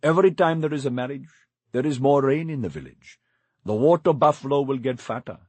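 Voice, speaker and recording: Scheming old grandmother figure in an audiobook, coaxing and bossy, read by a man; husky, animated delivery. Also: mid-range voice, brisk, no room sound, pitched above the performer's own voice.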